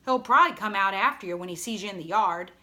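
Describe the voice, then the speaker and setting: A small, daring boy who needles his friend with patient, teasing calm, as a woman reader puts him on. His voice is bright and lively, rising and falling freely as he coaxes. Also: mid-range voice, fast. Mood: coaxing.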